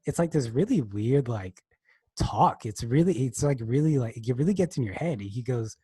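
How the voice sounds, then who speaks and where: Rambling young man, lively husky voice. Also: medium pitch, normal speed, no room sound. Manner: rambling, restarts often, animated retelling. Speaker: podcast co-host. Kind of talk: casual chat.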